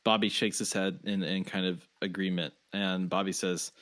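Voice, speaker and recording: A man narrating as game master of a tabletop role-playing game, relaxed and full of fillers. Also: low voice, moderate pace, few pauses.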